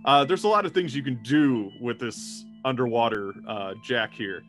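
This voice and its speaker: A man's voice: medium pitch, moderate pace, fairly bright tone, soft background music. A man narrating as game master for a tabletop game, casual and rambling, laughing often and swearing freely.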